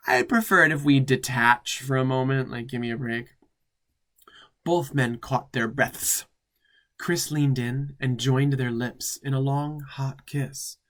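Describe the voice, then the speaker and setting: A man's voice: medium pitch, steady tone, unhurried, a bit bright. Campy drag queen reading with sassy asides. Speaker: drag queen host reading fan fiction. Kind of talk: comedic reading with commentary.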